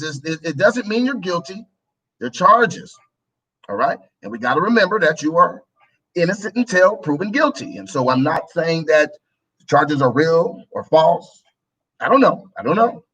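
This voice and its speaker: A man's voice: high voice, a bit bright, husky, recorded from a distance, poor audio. A man hosting a call-in talk show, giving impassioned, emphatic commentary and repeating his points.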